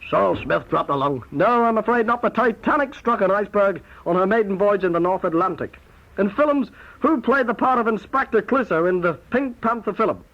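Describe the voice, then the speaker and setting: A man with a Northern Irish accent playing a formal, brisk quizmaster in a comedy sketch. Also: high voice, lively intonation. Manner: brisk, formal quiz-host delivery. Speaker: comic quizmaster. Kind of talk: comic sketch on tape. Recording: dull old cassette tape with hiss.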